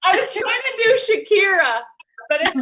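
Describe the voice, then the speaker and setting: A woman's voice: very high-pitched, sing-song, moderate pace, background noise. A young woman doing playful stand-up over a video call, laughing at her own jokes. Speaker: comedian.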